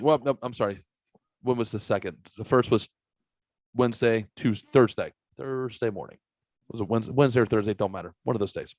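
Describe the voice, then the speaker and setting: A man's voice: fairly low pitch, darkish tone, dry recording. Profane rambling male podcast host. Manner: profane, rambling anecdotes, mimics others' voices. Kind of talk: casual podcast chat, storytelling.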